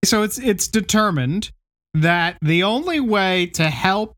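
A man's voice: sits high, expressive, takes it slowly, a bit bright, dry recording, clean studio sound. A man co-hosting a casual podcast chat, recapping the plot with a laugh and plenty of swearing. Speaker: podcast co-host.

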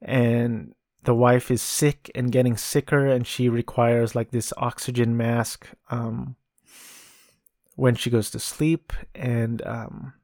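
Slow and flat, with a darkish tone at medium pitch, a man hosts a podcast film review. The clean, dry studio recording catches his hesitant style, full of ums and restarts.

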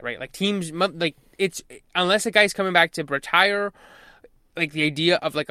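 Bright, crisp-voiced man chatting sports. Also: fairly high pitch, no room sound, clean studio sound. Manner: rambling, profane, acts out quotes loudly. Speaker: podcast co-host. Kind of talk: casual sports chat.

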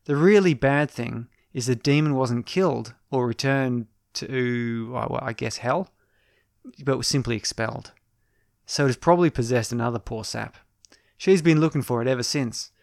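A man's voice: medium pitch, moderate pace, gravelly, darkish tone, dry recording, studio quality. Wry, self-deprecating male storyteller. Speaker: podcast storyteller. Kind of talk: first-person audio story narration.

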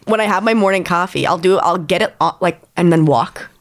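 A young woman, a podcast guest, chatting casually with quick jokes and acted-out voices in her stories. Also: fairly low pitch, dry recording. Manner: jokey, quick quips, acts out voices in stories. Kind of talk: casual chat.

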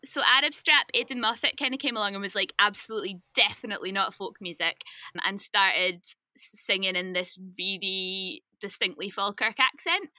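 Woman, chatty podcast guest, bright dry sound. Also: medium pitch, no room sound. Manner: chatty, upbeat, quick laughs. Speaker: podcast guest discussing research. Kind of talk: casual chat.

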